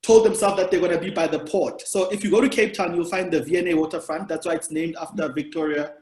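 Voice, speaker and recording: A man's voice: fairly high pitch, steady tone, quick pace, a little mellow. A South African man hosting a podcast, chatting casually and rambling through long explanations of history. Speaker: podcast host, comedian. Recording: roomy echo.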